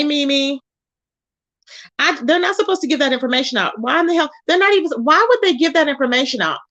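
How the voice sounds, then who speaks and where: A woman's voice: high voice, fairly bright tone, lo-fi sound. A woman hosting a casual livestream, talking to her chat. She greets viewers by name, calls them baby, and repeats herself in disbelief to stress a point. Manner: exclaims in disbelief, repeats phrases for emphasis. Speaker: livestream host.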